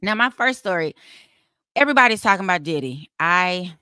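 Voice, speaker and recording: Woman co-host, low voice, playful banter, dry close sound. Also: lively intonation, fairly quick, pushed and bright, smooth, no room sound. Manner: chatty, playful, sings snippets. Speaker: co-host reading birthdays. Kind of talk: casual sports talk banter.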